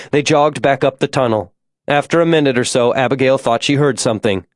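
A man narrating an audiobook in a measured, tense storytelling manner on a close microphone. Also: mid-range voice, no room sound. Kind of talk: scripted narration.

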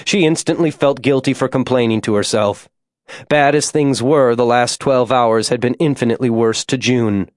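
A man narrating an audiobook in a measured, tense storytelling manner on a close microphone. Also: mid-range voice, no room sound. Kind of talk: scripted narration.

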